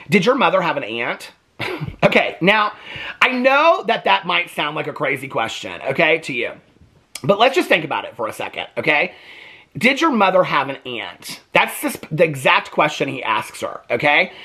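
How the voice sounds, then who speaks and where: A man's voice: a little high, pushed and bright, slightly rough. A man giving casual reaction commentary on his vlog, chatty, often asking "okay?" and acting out quotes in put-on voices. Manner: acts out quotes in changed voices. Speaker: reaction vlogger.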